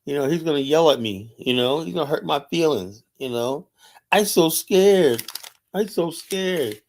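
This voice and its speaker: A man's voice: a little high, lively intonation, measured pace, a little hiss or hum. A man mimicking a whiny, frightened male critic. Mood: mocking whine. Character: timid, whiny male critic, mocked as a coward.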